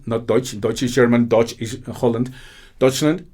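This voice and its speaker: Man, heated political rant, loud, swearing, scornful. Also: medium pitch, steady tone, unhurried. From Colombia. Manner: loud, indignant, swearing, with mocking laughs. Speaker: political commentary host. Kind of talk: ranting political monologue.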